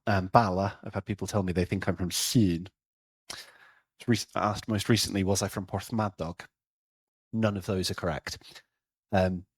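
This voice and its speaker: A man's voice: lowish voice, no echo. A man with a North Welsh accent giving a presentation talk, using dry, self-mocking humour and frequent ums. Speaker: place-name researcher giving a talk.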